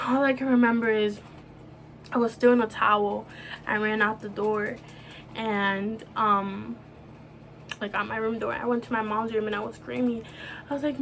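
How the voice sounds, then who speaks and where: A young woman telling a personal story on her vlog, emotional and halting, with many restarts and filler words. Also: on the high side, fairly even intonation, fairly bright tone, a little hiss or hum. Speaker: vlogger.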